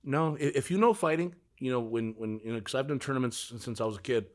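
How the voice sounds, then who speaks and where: Fast casual guy, middle aged, tells wild stories, swears a lot, mid pitch. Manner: fast, animated storyteller, swears freely. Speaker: music agent. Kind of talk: casual interview chat.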